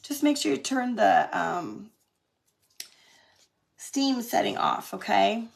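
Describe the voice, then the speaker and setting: A woman's voice: medium pitch, lively intonation, slow, gravelly. A middle-aged woman from California chatting through a live craft demo, laughing often and answering viewer comments as she works. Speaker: craft demonstrator on a live stream.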